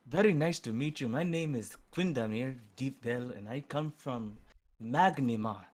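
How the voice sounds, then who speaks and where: A man's voice: mid-range voice, a little slow, darkish tone, natural voice. A man voicing a courteous male traveler with a stiff, formal manner and a put-on accent.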